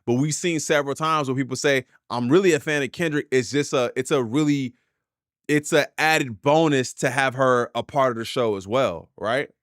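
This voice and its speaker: A man hosting a reaction stream, chatting casually and cutting in with quick asides. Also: mid-range voice, no echo, clean studio sound. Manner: lively, talks over clips with quick asides. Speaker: host reacting to clips. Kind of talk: casual chat.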